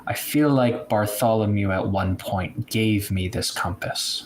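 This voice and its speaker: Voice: sits low, a little slow. A player in a tabletop game who speaks thoughtfully and tentatively.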